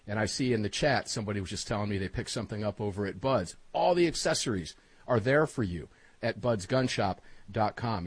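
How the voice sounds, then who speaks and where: A man's voice: medium pitch, breathy edge, no room sound. A middle-aged man hosting a talk radio show in a brash, conversational way.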